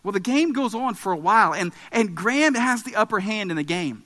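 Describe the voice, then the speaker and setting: Bright-voiced male preacher in echoing hall. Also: high-pitched, fairly quick. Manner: animated storytelling with emphatic rises. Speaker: pastor. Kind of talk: sermon with personal story. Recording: long hall reverb.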